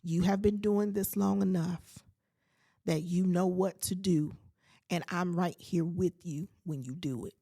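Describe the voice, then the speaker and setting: This woman in her late forties hosts a podcast, speaking in a warm, lowish voice with vocal fry, a steady tone and a measured pace. She shares a personal story, adding faith-filled asides and acting out her own reactions.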